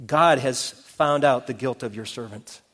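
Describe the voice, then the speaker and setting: Storytelling pastor in a reverberant hall. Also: male voice, medium pitch, unhurried, fairly bright tone. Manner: storytelling, acting out the characters' voices. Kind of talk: sermon.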